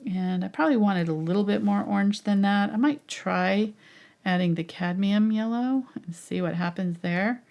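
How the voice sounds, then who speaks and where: A woman's voice: medium pitch, moderate pace, dull audio. A woman teaching a live painting tutorial, chatty and explaining each step as she mixes her colours, laughing easily. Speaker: painting instructor.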